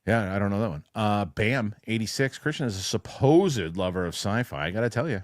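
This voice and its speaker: A man with a fairly low voice chats casually as co-host, reading out viewer comments and spinning rambling, animated anecdotes. His voice is recorded dry and close, with no room sound. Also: dry recording. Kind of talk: casual chat.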